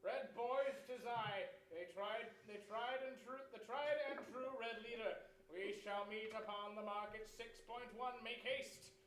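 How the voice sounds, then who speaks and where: A man's voice: high-pitched, fairly even intonation, measured pace, hardly any pauses, a bit bright, echoey room, a little hiss or hum, rough recording. A man reading stage directions and lines in a casual table read of a mock-Elizabethan play, with friends chattering. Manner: mock-Elizabethan verse, breaking into laughter and swearing. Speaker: reader of stage directions and Red Leader.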